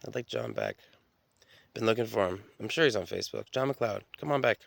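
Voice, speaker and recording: A man's voice: fairly low pitch, lively intonation, fairly quick, creaky. A man telling stories in a rambling, profane, stream-of-consciousness solo monologue, often restarting his sentences.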